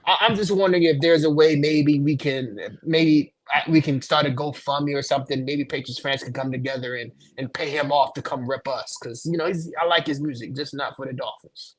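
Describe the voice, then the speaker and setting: A man's voice: a little high, fairly even intonation, brisk, few pauses, no echo. A man co-hosting a sports podcast, chatting casually and trash-talking rivals with playful teasing. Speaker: podcast co-host.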